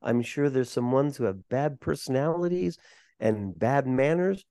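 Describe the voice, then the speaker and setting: An older man who works as a performer and voice coach is a guest on an interview podcast, telling animated, warm stories in conversation. He speaks unhurriedly at medium pitch. The audio is studio quality with no echo.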